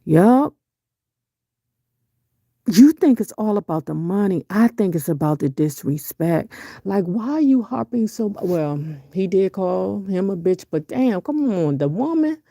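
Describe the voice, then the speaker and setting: This middle-aged woman's live-stream talk has her reading chat aloud and giving outspoken, swear-heavy opinions full of rhetorical questions. Her creaky, mellow voice swings widely in pitch, leaping up sharply on exclamations, and she takes her time. It's a dry, studio-quality recording.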